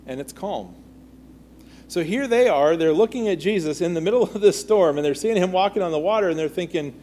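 A man's voice: high voice, expressive, fairly quick, warm tone. A man teaching a Bible study in a conversational way, reading scripture aloud and then asking the group questions.

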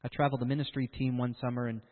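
A man preaching a sermon in an animated way, acting out the voices of the people he quotes. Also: medium pitch, racing, in a large hall, narrow, tinny audio.

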